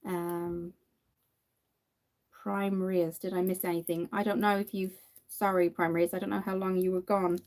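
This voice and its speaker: A woman's voice: fairly low pitch, level tone, unhurried, darkish tone. A woman from Ireland with an Irish accent, chatting casually to viewers while doing her makeup on a livestream. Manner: chatty, answers viewer comments, many fillers.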